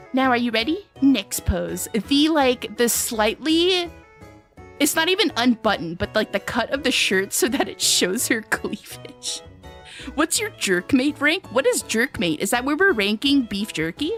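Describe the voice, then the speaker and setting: A woman's voice: fairly high pitch, sing-song, a little slow, a bit bright. A woman streamer chatting casually and playfully while playing a game, laughing often and reading game text aloud. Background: faint background music.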